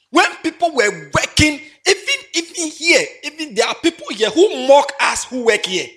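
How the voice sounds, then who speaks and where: This man preaches in a bright, ringing, high voice that jumps wildly in pitch, and it comes across as a spirited church sermon. The pastor is playful and animated, laughing and joking frequently while swinging between shouts and quiet, almost murmured asides.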